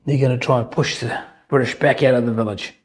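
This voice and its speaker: A man's voice: mid-range voice, steady tone, quick pace, poor audio. A man narrating a solo tabletop wargame battle report in a chatty way, with joking asides and frequent ums. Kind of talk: casual game commentary.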